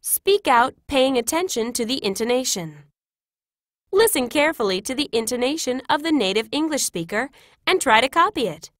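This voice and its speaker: A woman reading classroom English phrases one by one in a clear, measured teaching voice. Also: fairly high pitch, a bit bright, dry recording, clean studio sound. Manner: clear, measured, each phrase read separately. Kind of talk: scripted read-aloud of classroom phrases.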